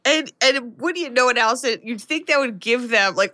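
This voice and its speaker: A woman's voice: on the high side, normal speed, hardly any pauses, bright, forceful tone. A woman co-hosting a comedic podcast, animatedly retelling a movie's scenes and laughing at them. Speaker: podcast co-host. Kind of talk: casual comedic movie recap.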